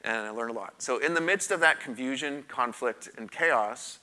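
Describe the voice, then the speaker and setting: A middle-aged pastor preaches a sermon in a sharp-toned, medium-pitched voice at a moderate pace. He tells his own story candidly and conversationally, leaning on emphatic repetition as personal testimony.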